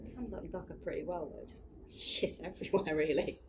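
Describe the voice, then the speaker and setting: A young adult woman interviewing a guest in a relaxed, casual way, reacting quickly and asking loose questions. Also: lowish voice, a little hiss or hum. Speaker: interviewer, critic.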